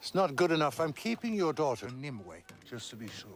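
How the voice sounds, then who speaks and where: A man's voice: fairly high pitch, big pitch swings, fairly quick, a crowd in the background. An actor playing a ruthless, paranoid medieval king who threatens and barks orders. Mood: menacing. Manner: menacing, commanding, shouts orders.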